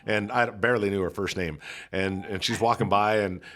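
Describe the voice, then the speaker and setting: A man's voice: fairly low pitch, moderate pace. A man, a pastor and church coach, talking in a casual coaching conversation and telling stories with acted-out quotes. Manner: animated storyteller who acts out quoted people.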